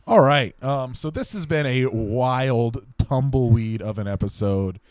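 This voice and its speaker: A man's voice: medium pitch, unhurried, darkish tone, clear, resonant tone, no echo. A man co-hosting a comedy podcast who tells absurd, playful stories in casual banter. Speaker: podcast co-host. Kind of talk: improvised comedy chat.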